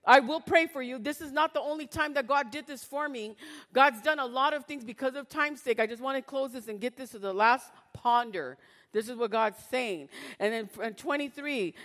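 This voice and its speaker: A woman with a high voice preaches in a church, and her words ring out with a long hall echo. She reads scripture loudly and with fervor, then drops to a hushed voice for personal stories. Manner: impassioned, shifts from loud scripture reading to hushed storytelling. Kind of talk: sermon.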